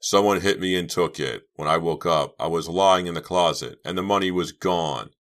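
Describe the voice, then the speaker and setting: A man voicing a desperate teenage boy who yells and pleads with a captor. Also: deep voice, moderate pace. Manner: yelling, pleading and insistent.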